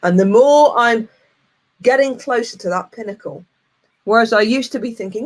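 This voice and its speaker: A woman in her forties, a coach giving a lively, plain-spoken motivational talk and telling a frank personal story. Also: on the high side, moderate pace. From United Kingdom. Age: 40s.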